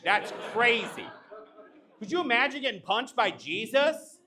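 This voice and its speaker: A man's voice: very high-pitched, animated, a little slow. A young man doing a live stand-up set, brash and teasing the crowd. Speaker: stand-up comedian. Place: live comedy show at an art exhibition.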